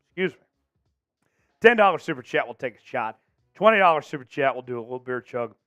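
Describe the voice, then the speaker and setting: A man hosting a live sports news show, talking fast and animated about players, then coughing, losing his voice and apologizing to viewers. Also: medium pitch, lo-fi sound, soft background music.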